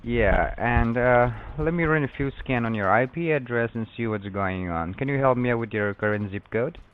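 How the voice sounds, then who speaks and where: A man's voice: medium pitch, moderate pace, clean tone. Formal phone agent guy, stock phrases, thin phone-line sound. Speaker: phone scammer. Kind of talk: scripted support call.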